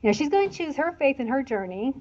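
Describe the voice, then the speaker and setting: A woman in her sixties from Indiana giving a chatty, animated church talk with laughing asides. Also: sits high, quick pace. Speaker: church speaker. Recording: dull lo-fi sound.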